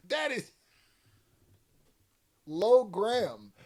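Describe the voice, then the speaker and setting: A man's voice: high-pitched, drawn-out words. A man hosting a music reaction video, talking casually and bluntly, laughing often. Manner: animated, laughs often, blunt slangy remarks.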